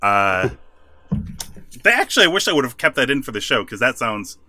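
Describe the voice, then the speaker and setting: Bright-voiced man recapping wrestling. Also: mid-range voice, moderate pace. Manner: animated storyteller, laughs often. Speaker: podcast co-host.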